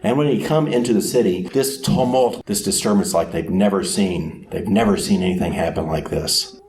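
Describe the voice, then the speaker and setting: A man preaching a sermon who tells the story dramatically, sometimes acting out crowd voices with sudden shouts. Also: deep voice, moderate pace, a little hiss or hum.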